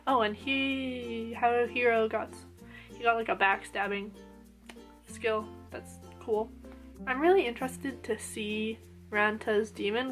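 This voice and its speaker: A young woman with a fairly high voice reviews an anime episode in a loose, animated way. She gushes, with plenty of "like" fillers. Faint music plays quietly behind her. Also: slow. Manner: gushing and animated, lots of "like" fillers.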